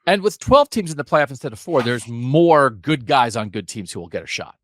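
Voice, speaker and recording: A man's voice: mid-range voice, sing-song, a bit bright. A man co-hosting a college football podcast, arguing his points emphatically in casual sports talk. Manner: emphatic, argumentative, rapid asides. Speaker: podcast co-host.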